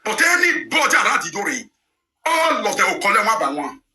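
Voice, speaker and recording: A high, very bright male voice in Nigerian Pidgin, swinging up and down in pitch as he rants and throws out question after question. The sound carries an echo from the room he talks in. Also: sing-song, fairly quick. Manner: ranting, firing rhetorical questions. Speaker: online show presenter. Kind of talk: heated live talk.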